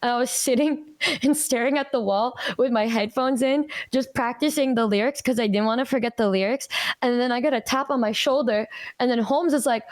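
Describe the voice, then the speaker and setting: High-voiced woman telling animated stories. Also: brisk. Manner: animated storytelling, acts out quotes. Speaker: streamer and singer. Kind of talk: casual chat.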